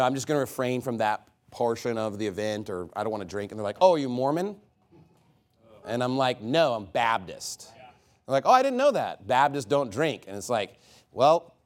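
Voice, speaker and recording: A man in his thirties preaching a fiery sermon, emphatic, with sudden swings in volume and pace. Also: mid-range voice. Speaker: pastor.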